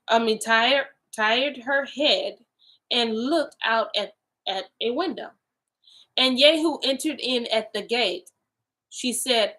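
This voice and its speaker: A woman hosting a casual Bible study, reading scripture aloud slowly with restarts and slangy asides. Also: fairly high pitch, pushed and bright, poor audio.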